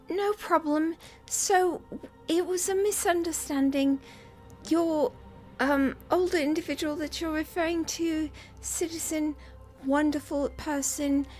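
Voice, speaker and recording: A woman player role-playing her character in a tabletop game, apologetic, rambling and hesitant. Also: sits high.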